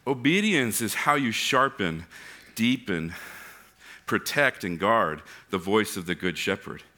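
A man's voice: fairly low pitch, unhurried. A young adult man preaching a sermon, telling humorous stories and acting out the voices in them. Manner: animated, acts out voices in anecdotes. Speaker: pastor.

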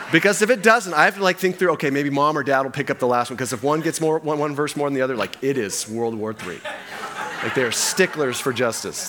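A man's voice: on the high side, sharp tone, a little hiss or hum. A male pastor preaching a sermon, telling the story with animation and acting out its characters.

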